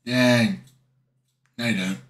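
A man's voice: mid-range voice, steady tone, slow, fairly bright tone. A man streaming live, chatting casually in a tired, rambling way and stumbling over his words.

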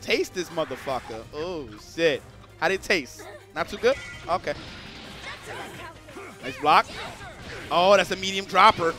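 Excitable man commentating a fighting game. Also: sits high, slow, pauses often, over music. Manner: excitable, swears freely, bursts into shouts.

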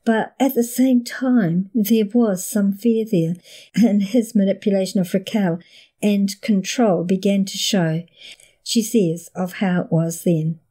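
A woman host narrating a documentary-style story in a measured, scripted delivery. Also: medium pitch, fairly even intonation, warm tone, slightly rough.

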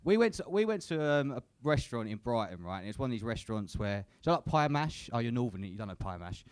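A young comic delivers a sweary, crude stand-up set in a comedy club, ending lines with tag questions like "innit." He speaks fast with a medium pitch and big pitch swings, captured on a dry recording.

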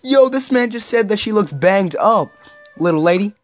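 A man hosting a let's-play video, giving excitable, casual, cussing commentary. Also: sits high, moderate pace, faint music behind. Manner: excitable, swears, says yo and dude a lot. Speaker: gaming video host.

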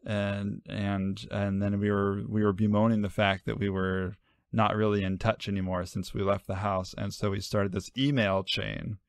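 Male co-host, lowish voice, jokey and rambling, dry close recording. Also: level tone, normal speed, no room sound. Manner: jokey, rambling, self-mocking. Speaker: podcast co-host. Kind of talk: casual chat.

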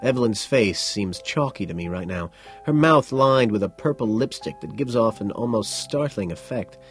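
Low-voiced male audiobook narrator. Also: lively intonation, moderate pace, soft background music. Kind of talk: first-person audiobook narration.

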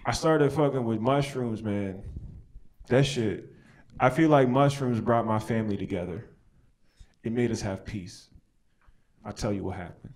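A young American man performs stand-up at a small outdoor alley show before an audience, speaking loosely and with slang, riffing on the crowd and laughing at his own jokes. His voice is lowish and darkish, unhurried, with frequent pauses.

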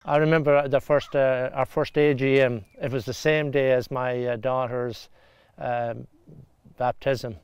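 An Irish man in his sixties tells an old story in an even, level tone that barely rises or falls. His voice is smooth and clear, heard dry and close on a slightly dull, lo-fi recording. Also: mid-range voice, a little slow, no room sound. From Ireland (Galway). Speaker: club founder. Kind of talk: interview recollection. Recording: dull lo-fi sound.

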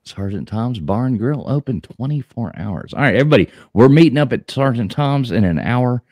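A man's voice: medium pitch, expressive, a little fast, darkish tone, no echo, studio quality. A man hosting a live show, joking loosely, swearing, and moderating callers. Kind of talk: casual chat.

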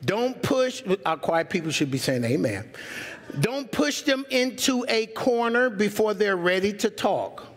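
Animated pastor preaching with lively pitch. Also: male voice, a little slow. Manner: animated, humorous, talks straight to the congregation. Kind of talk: sermon. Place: church sanctuary. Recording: long church reverb.

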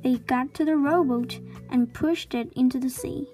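Woman reader, high voice, slow storybook read-aloud, faint music behind. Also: mellow. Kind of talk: reading a children's book aloud.

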